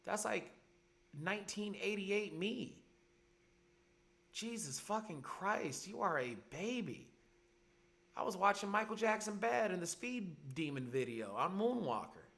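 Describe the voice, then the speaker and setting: A man's voice: high-pitched, very animated, measured pace, gravelly, a bit bright. A man in his forties hosting a podcast, ranting in heated, profane commentary. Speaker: podcast host. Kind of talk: angry commentary monologue. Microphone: podcast mic.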